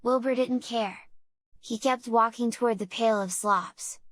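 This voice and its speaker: A woman reads a children's audiobook in a measured, unhurried storytelling voice. Her pitch sits a little high, and the recording is dry and close, with no echo. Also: fairly even intonation. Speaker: audiobook narrator.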